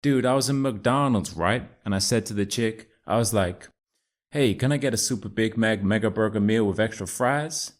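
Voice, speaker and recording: A man putting on an American accent to voice Chad, an excitable, laid-back young American guy who calls everyone dude and bro. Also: on the low side, moderate pace, lightly acted. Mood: chummy. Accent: put-on American.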